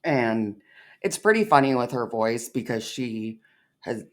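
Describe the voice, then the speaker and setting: A woman's voice: extremely low pitch, expressive, a little slow. A woman co-hosting a reaction video, speaking in a dry, teasing way. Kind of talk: casual reaction chat.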